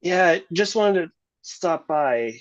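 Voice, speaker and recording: A player voicing a kind, gentle adventurer in a tabletop game, with soft, apologetic, teasing talk. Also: medium pitch, animated, takes it slowly, pitched above the performer's own voice. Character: kindly adventurer man, gentle and joking. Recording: dull, muffled stream audio.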